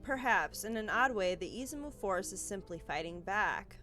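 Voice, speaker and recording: A woman's voice: medium pitch, lively intonation, normal speed, pushed and bright, soft background music. A woman reading as a solemn news anchor. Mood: ominous.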